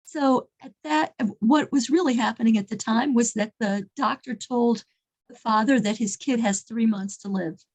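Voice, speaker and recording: A woman telling a faith story in an informal talk, earnest and halting, often repeating words as she goes. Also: a little high, a little mellow, rough recording. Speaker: religious storyteller.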